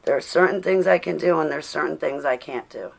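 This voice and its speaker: Tired woman with a gravelly voice. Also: deep voice, brisk. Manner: preachy, reads chat aloud, laughs often. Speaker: livestream host. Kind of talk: casual livestream chat.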